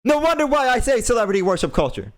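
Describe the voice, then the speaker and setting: A man's voice: very high voice, very animated, fast talker. A young man hosting a podcast, delivering an impassioned, preachy rant and repeating phrases for emphasis. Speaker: podcast host.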